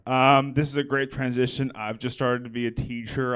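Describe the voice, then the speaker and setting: A man's voice: mid-range voice, flat delivery, moderate pace, a bit bright, clear, resonant tone. A young man performing a stand-up set on a comedy theater stage. He chats with the crowd and talks with lots of fillers and a self-deprecating manner.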